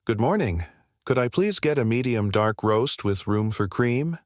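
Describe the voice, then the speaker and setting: A man voicing a calm courteous gentleman. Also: mid-range voice, measured pace, dry recording, studio quality, close to an everyday voice. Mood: polite. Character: calm polite wealthy man.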